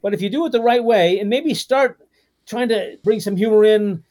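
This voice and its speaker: A man in his sixties with a high-pitched voice speaks at normal speed as a guest author in a podcast interview. An animated storyteller, he uses lots of fillers and restarts.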